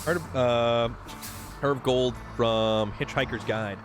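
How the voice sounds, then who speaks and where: A man hosting a livestream, chatting excitedly and answering viewers while he plays a video game. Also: medium pitch, slow pace, over music. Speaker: livestream host. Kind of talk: casual chat while playing a video game.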